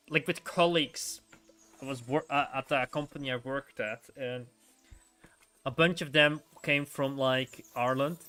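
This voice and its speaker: A man's voice: medium pitch, bright, forceful tone, clear, resonant tone. A man giving casual let's-play commentary while playing a story game, rambling with frequent chuckles and restarts.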